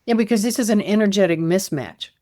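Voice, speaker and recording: A woman hosting an interview, asking questions in an expressive, casual way, often with a laugh. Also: medium pitch, quick pace, no echo, clean studio sound. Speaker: podcast host.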